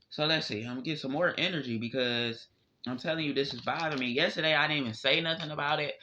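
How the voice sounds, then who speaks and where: A man doing a casual spiritual tarot reading, emphatic and profane. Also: pushed and bright. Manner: emphatic, profane, drifting pitch. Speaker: tarot reader. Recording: dull lo-fi audio.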